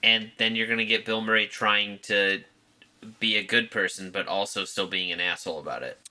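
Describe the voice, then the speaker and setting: Very bright-voiced casual guy. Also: lowish voice, normal speed. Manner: loose, filler-heavy storytelling. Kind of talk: casual movie-review chat.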